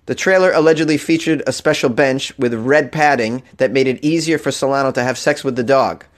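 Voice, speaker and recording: A man's voice: medium pitch, a little fast. A man hosting a comedic weird-news show, reading stories and riffing with laughing asides and mock outrage.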